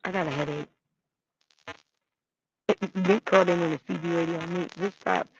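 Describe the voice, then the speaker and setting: A woman call-in guest speaks at a normal speed with a lowish voice and fairly even intonation, slight background noise behind her. Over a muffled, glitchy microphone, she defends herself in a heated casual chat, repeating her points.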